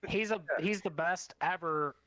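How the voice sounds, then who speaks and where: A man's voice: high voice, a little slow, pushed and bright, no room sound. A man in a casual sports podcast chat, emphatic and blunt, swearing to drive his points home. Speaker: podcast co-host.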